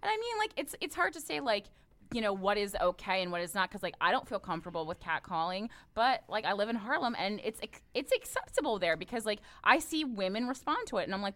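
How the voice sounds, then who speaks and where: Young female co-host, earnest, mid-range voice, thinks out loud. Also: medium pitch, sing-song, fast talker. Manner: earnest, thinking aloud with many fillers. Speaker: podcast co-host. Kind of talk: casual chat.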